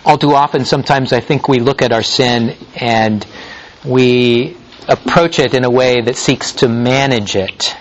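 A male pastor preaching a sermon, teaching in a measured way with frequent small restarts and fillers. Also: mid-range voice, steady tone, muffled recording, slight background noise.

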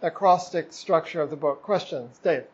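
A man with a somewhat high voice teaches a Bible class, loose and conversational, full of pauses and restarts. The recording is a little muffled and lo-fi. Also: breathy edge. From United States. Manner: conversational, many fillers and self-corrections. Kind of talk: informal Bible lesson.

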